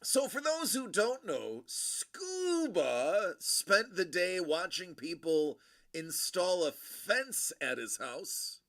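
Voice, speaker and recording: Bright, lively male stream host. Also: high-pitched, takes it slowly. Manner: rambling and friendly, with many fillers and shout-outs. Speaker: livestream host. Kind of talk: casual chat with viewers.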